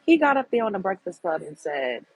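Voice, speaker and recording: A woman's voice: medium pitch, very animated, a little fast, slightly rough, poor audio. A woman hosting a livestream, giving a blunt, heated and profane commentary rant to her viewers. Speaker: livestream host.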